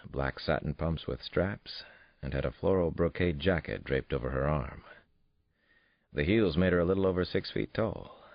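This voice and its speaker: A very deep male voice with a gravelly grain, narrating a thriller audiobook in the first person. His delivery is lively and wry. The recording is dry and somewhat dull. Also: no room sound. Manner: wry, affectionate storytelling. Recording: dull, muffled studio read.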